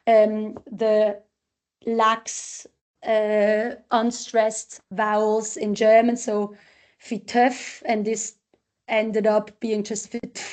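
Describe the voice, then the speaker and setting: A woman's voice: on the high side, mellow. A woman researcher giving a talk, walking step by step through examples of her assessment tool. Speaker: researcher presenting a literacy tool.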